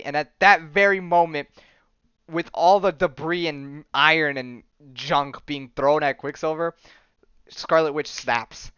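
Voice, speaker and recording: A man's voice: on the high side, moderate pace, sharp tone, clear, resonant tone, no room sound, highs cut off. A man hosting a podcast, casually retelling a comic storyline, quoting the characters and laughing often. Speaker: podcast host.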